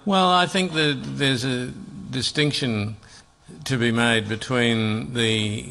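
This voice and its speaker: A male satirist talking in a dry, thoughtful, measured way in a live conversation on stage. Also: on the low side, gravelly, sharp tone. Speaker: satirist, guest. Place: stage before an audience.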